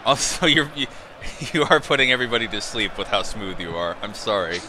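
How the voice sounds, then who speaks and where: A man's voice: lowish voice, animated, a little fast, sharp tone. A man co-commentating a football match in casual banter, rambling with restarts. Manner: rambling, full of restarts and chuckles. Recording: noisy background.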